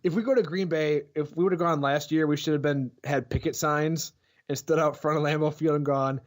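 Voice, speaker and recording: A man co-hosting a casual sports podcast, joking and swearing in animated banter. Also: fairly high pitch, brisk. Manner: animated, swears, jokey bits. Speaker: podcast co-host.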